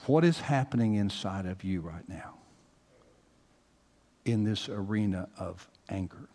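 A man's voice: fairly low pitch, lively intonation, unhurried, mellow. A man from the American South preaching a conversational sermon as pastor, talking directly to his congregation and rising into emphatic bursts. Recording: long hall reverb.

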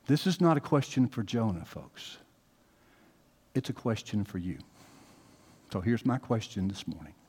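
A man's voice: on the low side, very animated, a little slow, pauses often, a little mellow, slightly rough. A man from the American South preaching a conversational sermon as pastor, talking directly to his congregation and rising into emphatic bursts. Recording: long hall reverb.

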